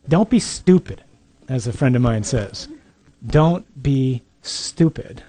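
A male priest delivers a conversational sermon, punching key points with emphasis and slipping in dry humor. His voice sits a bit high for a man, yet sounds mellow and soft-edged rather than bright. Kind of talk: sermon to young adults.

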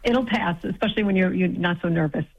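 A woman's voice: lowish voice, quick pace, creaky. A woman calling in to a radio advice show, speaking hesitantly with many ums and light laughs. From New York. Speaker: caller. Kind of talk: phone-in conversation. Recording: dull phone line.

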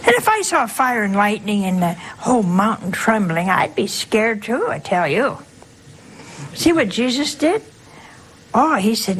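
A woman's voice: medium pitch, sing-song, moderate pace, a little hiss or hum, poor audio. An older woman, a nun, giving an informal, folksy sermon, often asking her listeners questions. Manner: folksy, conversational, asks audience questions. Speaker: nun preaching.

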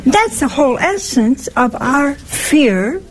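A woman's voice: high-pitched, big pitch swings, slow, a little hiss or hum, rough recording. A woman giving a spiritual teaching talk, wry and teasing, with emphatic turns. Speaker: religious speaker.

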